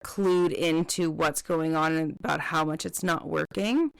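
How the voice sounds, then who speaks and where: Low-voiced chatty woman, smooth and dry. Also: fairly even intonation, measured pace, dry recording. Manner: chatty, many "like" fillers, slips into quoting characters. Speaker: podcast co-host. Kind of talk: casual book discussion.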